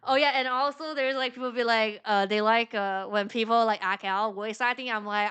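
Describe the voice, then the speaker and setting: A woman's voice: fairly high pitch, steady tone, normal speed, few pauses, a bit bright, clean tone. A woman streaming a game, reading its dialogue aloud and chatting in a rambling, filler-heavy way, laughing often. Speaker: VTuber streamer.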